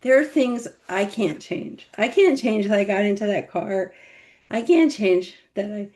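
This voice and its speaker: Lively woman guest telling her story. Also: medium pitch, measured pace. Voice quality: one paralyzed vocal cord, cannot yell. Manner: animated, laughing, acts out quoted voices. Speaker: guest, memoir author. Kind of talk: personal storytelling in interview.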